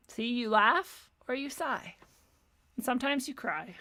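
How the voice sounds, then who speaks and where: A woman's voice: a little high, bright, forceful tone. A woman host ranting sarcastically in casual commentary, exasperated and profane, often laughing.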